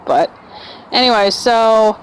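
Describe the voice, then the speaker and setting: A woman's voice: a little high, slow, a little hiss or hum, low-quality recording. A woman, telling her own story in a casual, rambling vlog monologue and acting out the voices of people she quotes.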